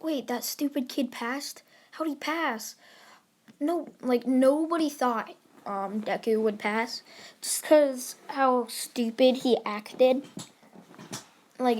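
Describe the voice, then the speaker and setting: A woman telling a made-up story in a casual, rambling way, filling her sentences with "like" and "basically" and mixing quick bursts of words with slow pauses. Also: fairly high pitch. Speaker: anime fan storyteller.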